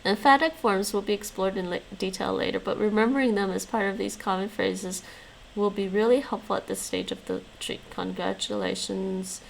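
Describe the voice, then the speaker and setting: A woman hosting a casual language-learning stream. She reads lesson notes aloud and chats loosely with her viewers, laughing often. Her voice has a gravelly, creaky texture, with faint noise behind her. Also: mid-range voice, fairly even intonation, normal speed, low-quality recording. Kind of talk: casual live-stream chat.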